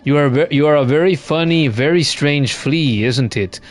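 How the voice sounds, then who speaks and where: A man's voice: a little high, normal speed, natural voice. Man doing a jolly flea with a fake Russian accent. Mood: teasing. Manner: put-on Russian accent with broken grammar; hearty mock laugh. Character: jolly, teasing flea from a traveling caravan. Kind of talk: reading game dialogue aloud.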